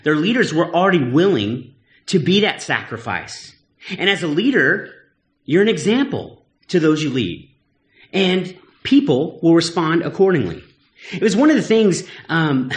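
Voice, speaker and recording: A man preaching in a relaxed, conversational way, earnest with a teasing edge. His voice sits a little high, and the room gives it a roomy echo. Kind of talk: sermon. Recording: echoey room.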